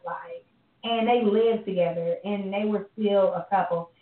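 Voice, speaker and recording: A woman's voice: mid-range voice, measured pace, echoey room, far from the mic, narrow, tinny audio. A woman co-hosting a podcast, telling stories in a blunt, candid and profane casual chat. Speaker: podcast co-host.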